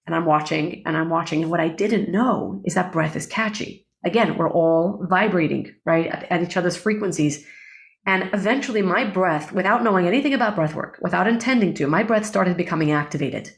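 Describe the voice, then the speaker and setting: A middle-aged woman, a breathwork facilitator, telling personal stories in an emotional, animated way with many fillers. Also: on the low side, brisk, gravelly. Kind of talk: casual interview storytelling.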